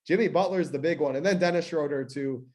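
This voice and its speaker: A man laying out injury news and strategy for fantasy basketball in a steady, matter-of-fact way. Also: a little high, fast. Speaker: fantasy sports analyst. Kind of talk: sports analysis chat.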